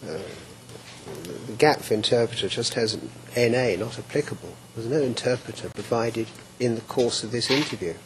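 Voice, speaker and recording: A man's voice: mid-range voice, normal speed, a little hiss or hum, poor audio. A man arguing as defence counsel in a courtroom, formal and hesitant, with frequent restarts. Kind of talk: courtroom argument.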